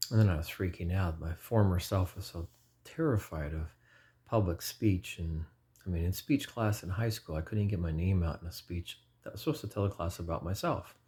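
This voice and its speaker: Man in his 40s, deep husky voice, earnest lay preacher, rambling testimony, self-correcting. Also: fairly quick, dark tone. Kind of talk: informal personal testimony.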